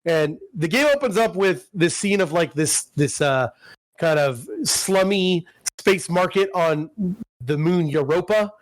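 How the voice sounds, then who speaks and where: Male podcast co-host, higher voice, rambling and profane recaps. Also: a little slow, no echo. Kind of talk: casual chat.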